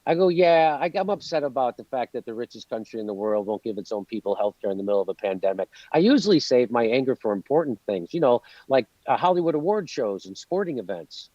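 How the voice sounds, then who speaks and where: A man's voice: mid-range voice, very animated, fast, few pauses, warm tone, no room sound, lo-fi sound. A man in an interview, ranting in a sarcastic, profane, worked-up way. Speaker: guest comedian. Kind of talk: animated interview rant.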